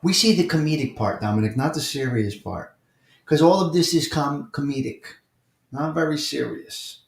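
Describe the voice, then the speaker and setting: A man's voice: a little high, moderate pace, vocal fry. Emphatic man with a New York accent, roomy sound. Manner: repetitive and emphatic, addresses chatters by name. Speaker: host of a live morning chat stream. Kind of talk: casual livestream chat, reading and answering viewer comments. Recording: roomy echo.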